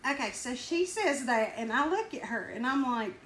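Southern woman podcast host, high voice, animated storyteller, roomy echoey sound. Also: moderate pace. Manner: animated, laughs while telling stories. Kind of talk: casual storytelling chat. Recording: roomy echo with faint ambient noise.

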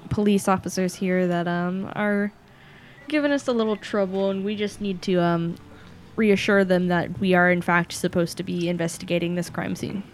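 A woman's voice: on the low side, steady tone, moderate pace, a little hiss or hum. A woman playing a tabletop game, speaking hesitantly with many fillers. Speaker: player.

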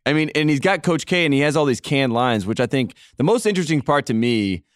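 A man's voice: medium pitch, expressive, quick pace, no room sound, clean studio sound. A young man co-hosting a sports podcast, joking and opinionated in a wry way. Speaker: podcast co-host. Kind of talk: casual sports chat.

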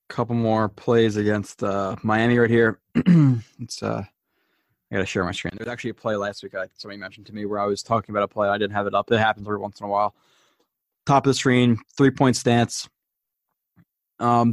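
A man with a fairly low voice talks through football game film in a loose, unscripted way, stopping and restarting as he goes. The sound is dry and close, with no room around it. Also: no room sound. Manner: thinking aloud with frequent fillers and restarts. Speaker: host. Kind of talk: casual football film breakdown.

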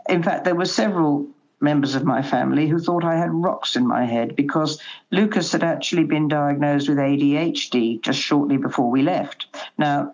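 A woman's voice: low-pitched, highs cut off. An older woman, a guest in an interview, telling stories in a chatty way and animating the voices she quotes. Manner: chatty storyteller, animated quoting. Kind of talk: conversational interview.

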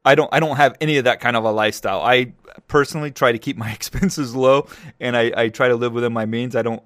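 A man hosting a casual solo podcast, telling stories in a loose, joking way, his voice jumping high when he gets excited. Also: no room sound, clean studio sound. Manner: animated storytelling, jumps high when excited. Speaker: podcast host.

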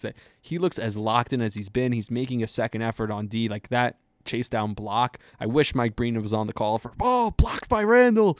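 Man, lowish voice, casual sports podcast host, rambling, filler words, dry close sound. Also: darkish tone, dry recording. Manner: chatty and rambling, with many fillers.

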